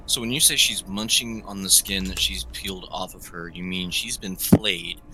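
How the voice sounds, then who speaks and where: A man's voice: low-pitched, steady tone, normal speed, over loud music, rough recording. A man playing a tabletop role-playing game, casually explaining his reasoning at length. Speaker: player.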